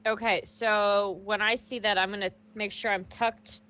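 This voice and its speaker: A woman's voice: mid-range voice, level tone, unhurried, pushed and bright. A woman playing a tabletop role-playing game, explaining her actions in a hesitant, methodical way. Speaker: player. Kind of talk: casual game table chat.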